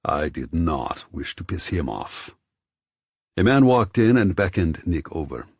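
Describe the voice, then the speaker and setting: A man narrating an audiobook in the first person with a measured, low-key delivery. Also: husky, no room sound, clean studio sound.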